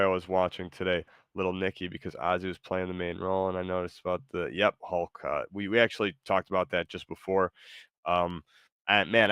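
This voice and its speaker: A man with a very deep, smooth, resonant voice, hosting a stream and chatting casually. He talks hesitantly, stopping on fillers and restarting his sentences. The sound is close and dry. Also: fairly bright tone, no room sound. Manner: hesitant, lots of ums and restarts. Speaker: streamer host. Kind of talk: casual chat, reading viewer messages.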